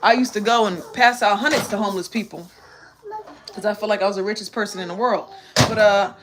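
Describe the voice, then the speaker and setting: A woman's voice: mid-range voice, steady tone, fairly quick, background noise. A tired woman giving a candid live-stream testimony, telling her story animatedly and using church slang. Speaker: vlogger.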